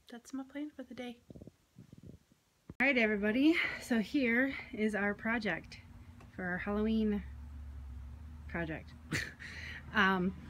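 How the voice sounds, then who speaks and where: A woman's voice: mid-range voice, a little hiss or hum. A woman vlogging as a mother, telling a story in casual chat full of fillers, partly out in the yard. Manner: chatty storytelling with many fillers. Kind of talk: casual family vlog chat. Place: home, partly outdoors in a yard.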